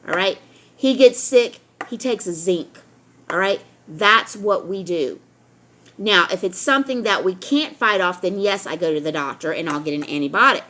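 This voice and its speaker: A woman's voice: fairly low pitch, sharp tone. A middle-aged woman vlogger talking straight to camera in a blunt, lecturing way, often ending points with "all right?". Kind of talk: opinionated talk to camera.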